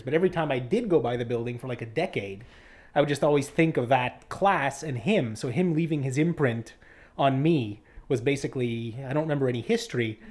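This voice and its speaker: A man from tells a casual story. His delivery is chatty and animated. He brings the other people in the story to life by acting out what they said. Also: medium pitch. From Montreal. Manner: chatty, animated retelling with acted quotes. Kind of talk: casual anecdote.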